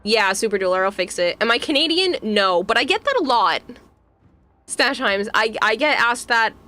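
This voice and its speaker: A woman's voice: fairly high pitch, expressive, moderate pace, sharp tone, faint music behind. A young woman from Massachusetts with a Boston accent, chatting casually with her livestream audience as a VTuber streamer, giggling often. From Massachusetts, USA. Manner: giggly, chatty, reads and answers chat.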